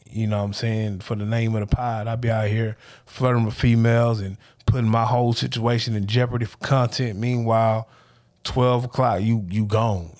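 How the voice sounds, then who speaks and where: A man with a drawl and a gravelly, creaky voice trades teasing insults on a podcast. His sound is dry and close, and he drawls along in loose, joking banter. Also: mid-range voice, darkish tone, dry recording. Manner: teasing, trash-talking, drawling. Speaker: podcast co-host. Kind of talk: casual banter. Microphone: remote call.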